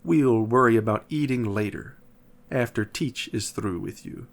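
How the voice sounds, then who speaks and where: Booming creepy camp boss from a kids' story, played by a man, slow delivery. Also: gravelly. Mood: menacing. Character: loud menacing male camp owner, hungry grin.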